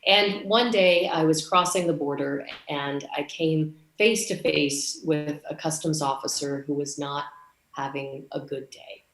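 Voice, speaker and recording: A woman's voice: low voice, steady tone, unhurried, fairly bright tone, echoey room. A woman from Canada giving a conference speech, telling a story and acting out the dialogue. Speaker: conference speaker.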